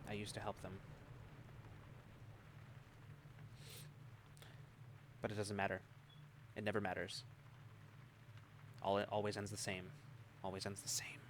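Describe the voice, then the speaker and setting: Weary, haunted wastelander read by a man, low-pitched, grim, repeats himself. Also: level tone, moderate pace, a bit bright, slight background noise, natural voice. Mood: muttering. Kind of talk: tabletop role-play voicing.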